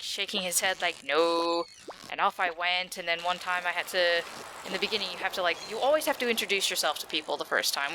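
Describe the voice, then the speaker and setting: A woman's voice: medium pitch, background noise. A young adult woman giving casual gaming commentary, chatty and rambling with a self-deprecating streak. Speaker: let's play gamer. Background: game music.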